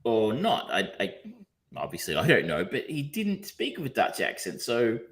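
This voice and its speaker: Guy on a podcast rambling along, lots of ums and restarts, medium pitched, swears casually. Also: wildly swooping pitch, normal speed, a bit bright. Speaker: podcast co-host reviewing films. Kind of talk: casual chat.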